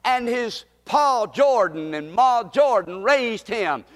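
A man's voice: very high-pitched, expressive, slow, big-room sound. A man preaching a sermon as pastor, impassioned and repeating key phrases for emphasis.

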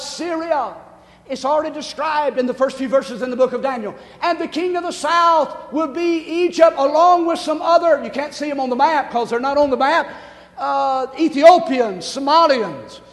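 High-voiced preacher in a reverberant hall. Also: male voice. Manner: fast-talking preacher, rising to shouts, calls for amens. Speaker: pastor. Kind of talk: sermon. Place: church sanctuary.

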